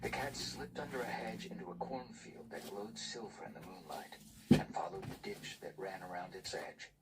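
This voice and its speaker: A man reading a novel aloud in a hushed, breathy whispered storytelling voice. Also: on the low side, expressive, normal speed. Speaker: narrator. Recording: distant mic with loud background noise.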